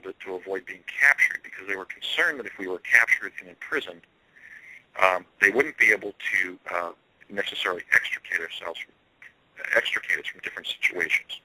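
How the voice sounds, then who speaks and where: A man telling a long first-person story as an interview guest, earnest and halting, with frequent fillers. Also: fairly low pitch, pushed and bright, husky, no echo, poor audio.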